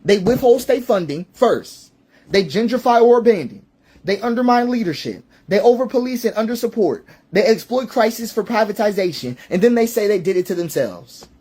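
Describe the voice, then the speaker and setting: A man's voice: high-pitched, lively intonation, moderate pace, dark tone, husky. A man delivering an impassioned spoken monologue. He speaks emphatically, asks rhetorical questions, reels off lists and repeats phrases for effect, and sometimes stops and restarts mid-sentence. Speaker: social commentator.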